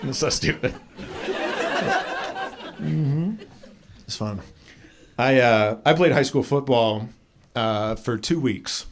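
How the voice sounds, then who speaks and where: A man's voice: mid-range voice, takes it slowly, long pauses. A man performing stand-up comedy on a club stage, telling stories and acting out characters in a raised voice. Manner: animated storytelling, acts out characters with raised voice. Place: comedy club stage before a live audience. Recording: live club audience laughter.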